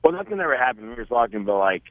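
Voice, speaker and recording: A young man calling in to a radio show, mumbling in a flat, stoner-like drawl. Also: medium pitch, racing, no echo. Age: young adult. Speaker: caller. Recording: tinny phone line.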